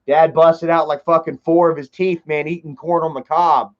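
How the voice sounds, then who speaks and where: A man's voice: on the high side, fairly even intonation, normal speed. A young man telling a rambling, profane family story on a livestream, laughing as he goes. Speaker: livestream host. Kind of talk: casual storytelling. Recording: dull lo-fi stream audio.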